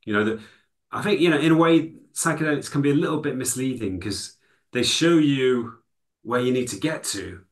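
A man's voice: medium pitch, expressive, normal speed. A man from England, a guest in an interview, explaining his ideas in a thoughtful, conversational way with frequent "you know" fillers. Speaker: guest, psychology lecturer and author.

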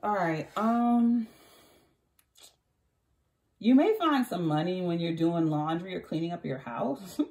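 Low-voiced woman giving a chatty tarot reading. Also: expressive, slow pace, long pauses, darkish tone. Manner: chatty and self-correcting, laughs often. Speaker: tarot reader.

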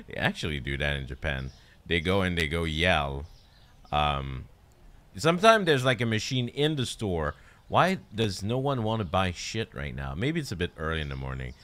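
A low-voiced young man commentating a game stream, his pitch swinging widely as he hams up a courteous shopkeeper greeting customers. He talks at an unhurried pace with a bright, forceful tone. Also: big pitch swings. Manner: playful, role-plays a polite cashier greeting customers. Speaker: streamer playing a shop game.

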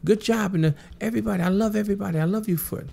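A man imitating an excited, grateful male pop star, his voice lifted high and gushing. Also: rapid-fire, vocal fry, slight background noise. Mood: excited, affectionate.

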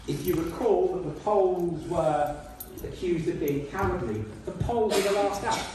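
A man's voice: high voice, a little mellow, slight background noise. A man giving an informal history talk with slides to a school audience, chatty with indignant asides and many ums. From Britain. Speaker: guest speaker. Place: school hall. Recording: echoey hall, distant mic.

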